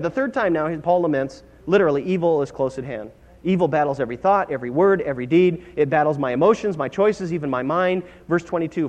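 High-voiced preacher in an echoing hall. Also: male voice, lively intonation, brisk. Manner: earnest, rising to emphatic exhortation. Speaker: pastor. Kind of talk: sermon.

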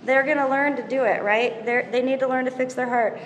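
A chatty woman with a somewhat high voice gives parenting advice to a live audience, acting out little scenes as she talks. Her voice rings through a large hall with a long, echoey reverb and a faint hum of room sound behind it. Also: a little fast, lo-fi sound. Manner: chatty, animated, acts out scenes and quotes. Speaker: speaker giving parenting advice. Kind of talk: casual talk to a live audience.

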